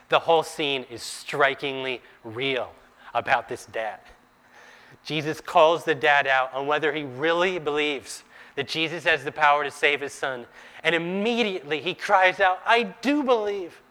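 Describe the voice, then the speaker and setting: Slow, bright-voiced preacher man. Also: medium pitch. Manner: dramatizes quoted dialogue with rising intensity. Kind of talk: sermon.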